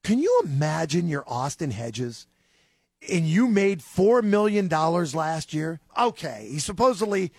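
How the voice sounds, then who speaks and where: Husky high-voiced radio co-host man. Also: sing-song, unhurried, no room sound, clean studio sound. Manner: wry, needling rhetorical questions. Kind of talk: casual sports talk radio banter.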